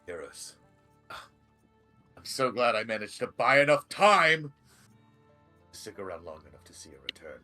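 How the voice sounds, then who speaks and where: A man voicing an excitable, grand-mannered male noble ally who talks formally and effusively. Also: fairly low pitch.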